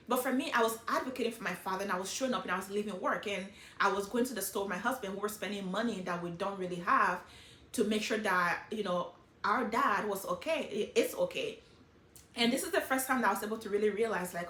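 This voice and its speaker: A middle-aged woman talking casually and emotionally about her life, in an animated, hyper way. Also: medium pitch, quick pace, roomy sound. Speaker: vlogger sharing life lessons. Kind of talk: casual personal talk.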